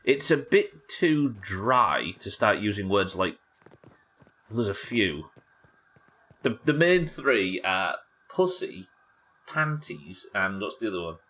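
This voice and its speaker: A man's voice: fairly low pitch, big pitch swings, takes it slowly, fairly bright tone. An English man casually commentating a live game stream, wry and sweary, bantering with his viewers as he plays. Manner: wry, sweary, chatting to viewers while playing.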